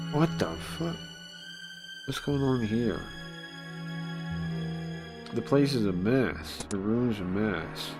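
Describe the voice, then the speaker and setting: Slow, low-voiced man streaming a game. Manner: chatty, laughs often, reads dialogue in raised voices. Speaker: streamer reading a game aloud. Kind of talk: casual live-stream commentary.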